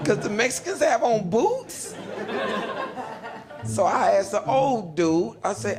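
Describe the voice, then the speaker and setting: Animated man telling a stand-up story. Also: high-pitched, unhurried, music in the background. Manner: animated storytelling, acting out characters in shifting voices. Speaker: stand-up comedian.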